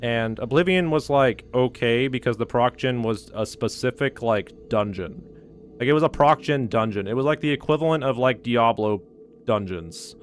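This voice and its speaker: A man with a mid-range voice talks at a normal pace over soft background music. He's streaming a game and ranting casually, swearing a lot and stuffing his speech with "like."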